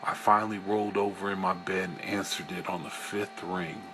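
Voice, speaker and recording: A man reading a first-person story aloud as an audiobook narrator, in a slow, unhurried way. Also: sits low, little pitch movement, a bit bright, a little hiss or hum, rough recording. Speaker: audiobook reader.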